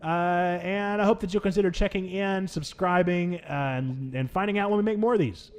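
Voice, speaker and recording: A young adult man hosting a let's play, talking over the game in playful mock outrage with big swings in pitch. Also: normal speed, clear, resonant tone. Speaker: gaming channel host.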